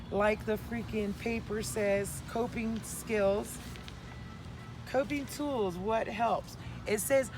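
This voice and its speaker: A middle-aged woman talking candidly and casually to the camera outdoors, sharing coping skills in an animated way and swearing now and then. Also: medium pitch, noisy background.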